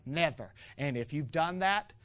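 Animated male pastor telling stories. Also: on the high side, unhurried. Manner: animated, playful storytelling with laughter. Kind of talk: sermon with personal stories.

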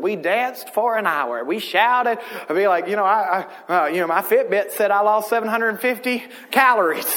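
High-voiced, lively preacher in a ringing hall. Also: male voice. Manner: lively and humorous, with many rhetorical questions. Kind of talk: sermon.

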